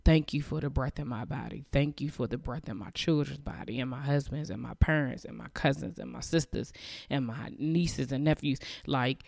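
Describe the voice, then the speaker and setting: A woman's voice: very deep voice, moderate pace, creaky, a little mellow, no echo, studio quality. A woman hosting a faith podcast, talking in an earnest, emotional way, often repeating herself and sighing as she gives thanks. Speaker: podcast host. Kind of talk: heartfelt faith-based podcast monologue.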